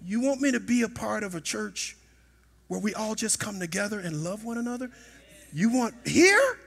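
A middle-aged man preaching a sermon in a church, telling a personal story and rising to shouts at its peaks. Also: sits high, sing-song, normal speed, creaky, slightly rough. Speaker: pastor. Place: church sanctuary.

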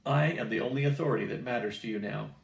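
A man doing a gruff, barking flight captain. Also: medium pitch, quick pace, natural voice. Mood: stern. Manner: curt, barking commands. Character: gruff older male flight instructor, stern captain. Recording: roomy, distant mic.

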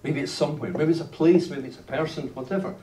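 A Glaswegian man in his fifties, speaking with a Scottish accent, gives a lively talk about whisky to a live audience, telling stories and repeating "you know". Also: fairly high pitch, quick pace. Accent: Scottish (Glasgow). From Scotland (Glasgow). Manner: animated storyteller, lots of "you know", frequent restarts. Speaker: whisky writer giving a talk. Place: indoor venue at a tasting event. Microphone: filmed by a distant camera in the audience. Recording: roomy, distant camera audio, faint noise.

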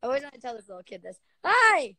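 A woman hosting a casual live stream from her bedroom, chatting with viewers in a bubbly, excitable way. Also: high-pitched, fast, no echo. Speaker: livestream host. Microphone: laptop or phone live stream.

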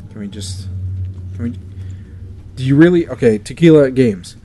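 A man's voice: medium pitch, expressive, normal speed, heavy background noise. A young man commentating a video game, ranting and swearing in exasperation as he plays. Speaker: let's play commentator. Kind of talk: frustrated gameplay commentary.

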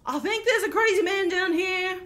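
A woman's voice: very high-pitched, normal speed, bright, forceful tone. A woman streaming a horror game, jumpy and swearing, chatting to the game's characters. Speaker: gaming streamer. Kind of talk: live horror game commentary.

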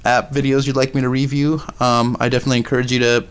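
With a Minnesota accent, a man gives a casual game review with commentary, halting often with ums and uhs. His voice is medium-pitched, level in tone and smooth.

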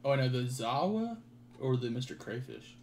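A man's voice: medium pitch, sing-song, normal speed. A man hosting a gameplay video, chatting casually with a co-player and laughing easily. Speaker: let's play host. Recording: home mic with loud keyboard clicks. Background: keyboard typing and mouse clicks.

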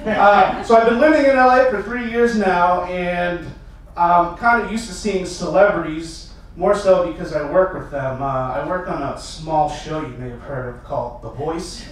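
A young man from Massachusetts doing a stand-up comedy set, telling stories with frequent "uh"s and building to loud acted-out rants. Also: high-pitched, normal speed, far from the mic, a little hiss or hum. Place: small stage venue. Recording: echoey room, mic heard from afar.

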